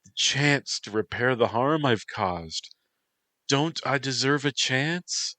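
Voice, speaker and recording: A man's voice: mid-range voice, expressive, slow pace, sharp tone, dry recording, pitched above the performer's own voice. A man voicing an emotional young woman who pleads, cries and lashes out. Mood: pleading. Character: volatile, heartbroken young woman actress.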